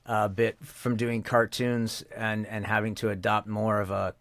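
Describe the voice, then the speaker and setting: Low creaky Canadian man chatting. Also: level tone, a little slow, a bit bright, no echo. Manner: rambling, with many restarts. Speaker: voice actor guest. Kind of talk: casual interview chat.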